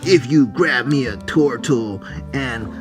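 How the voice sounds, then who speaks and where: A man voicing a scheming villainous male dinosaur truck in a low, gruff voice. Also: slow, over music, lightly acted.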